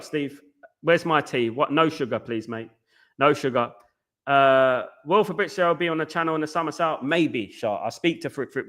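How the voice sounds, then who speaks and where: A man's voice: medium pitch, a bit bright. A man hosting a live football watchalong, chatting casually and repeating himself. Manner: chatty, rambling, repeats himself, keeps saying "guys". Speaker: watchalong host.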